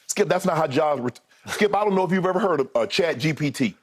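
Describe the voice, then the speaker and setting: An animated man argues his point on a sports debate show and keeps turning to his co-host. His voice is notably high for a man. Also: quick pace.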